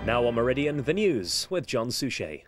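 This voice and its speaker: A man making station announcements in a clear, formal voice. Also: mid-range voice, very animated, moderate pace, loud music behind the voice. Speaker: continuity announcer.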